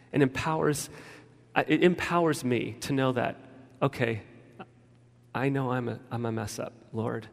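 A man's voice: mid-range voice, vocal fry. A man preaching a casual, story-driven sermon as a pastor, often restarting his sentences. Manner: informal storytelling with frequent restarts. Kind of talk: conversational sermon. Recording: long reverb of a large hall.

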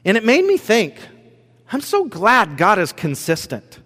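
A man preaching in a relaxed, conversational way, telling a personal story with lots of fillers and acted asides. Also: high-pitched, measured pace. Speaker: pastor. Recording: long hall reverb.

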